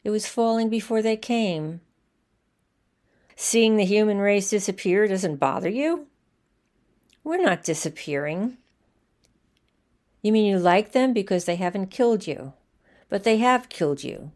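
A woman voicing a blunt, suspicious man at a bar, talking forcefully. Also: medium pitch, lively intonation, unhurried, pauses often, close to an everyday voice.

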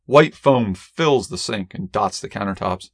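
A man reads a first-person story aloud in a measured, wry, deadpan manner. His voice sits on the low side. The recording is dry and close, with no room sound. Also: no echo. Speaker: audiobook narrator. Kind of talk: first-person fiction narration.

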